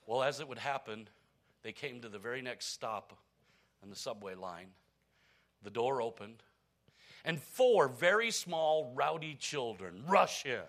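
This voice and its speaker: A male preacher with a bright, forceful voice delivers a sermon built around a story. He drops to near whispers for tender moments and rises to loud, urgent lines when he drives the point home. His pitch sits in an ordinary middle range. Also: animated, a little slow. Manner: storytelling preacher, swings from hushed to shouting. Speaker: pastor.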